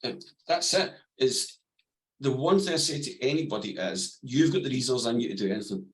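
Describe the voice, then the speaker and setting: A man guesting on a podcast as an NLP coach, calm and plain-spoken, explaining ideas through simple stories. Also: medium pitch, fairly quick, rough recording. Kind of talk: podcast interview, explaining and storytelling.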